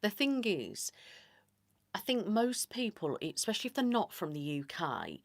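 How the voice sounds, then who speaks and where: A woman with a Staffordshire accent, hosting an ASMR live stream and chatting in a rambling, casual way that slips into soft whispered asides. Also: medium pitch, very animated, unhurried, no room sound. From Staffordshire, England. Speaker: ASMR channel host.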